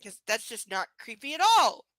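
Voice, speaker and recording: A woman's voice: fairly high pitch, big pitch swings, moderate pace, bright, forceful tone, dry recording. Sarcastic woman reading a book aloud. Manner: sarcastic, incredulous asides. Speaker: book reader and commentator. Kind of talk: live reading with commentary.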